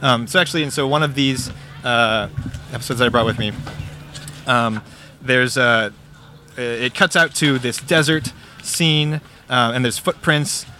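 A man being interviewed who tells stories in an animated, hyperbolic way, full of ums and asides. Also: medium pitch, measured pace, slight background noise. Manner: animated, hyperbolic, chatty with fillers. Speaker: guest, storyteller. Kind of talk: casual interview chat.

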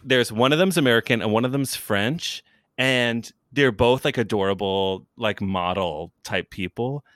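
A young man chatting casually as a podcast guest, rambling with lots of fillers and quick impressions. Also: medium pitch, fairly bright tone, no room sound, studio quality. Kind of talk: casual chat.

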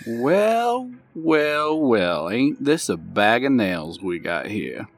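A man voicing a gruff, menacing male half-orc gang boss in a tabletop game, speaking with a slow drawling growl. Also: mid-range voice, big pitch swings, a bit bright, no room sound, pitched below the performer's own voice. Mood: mocking.

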